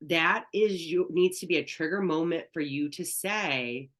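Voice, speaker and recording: A woman's voice: low-pitched, measured pace. A woman spiritual coach teaching an online class, talking in an earnest, candid, conversational way.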